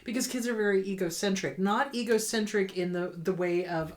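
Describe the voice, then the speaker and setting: A woman's voice: medium pitch, brisk. A woman therapist hosting an advice show, talking through viewer letters in an earnest, conversational way and repeating words for emphasis. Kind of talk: casual advice talk answering viewer letters.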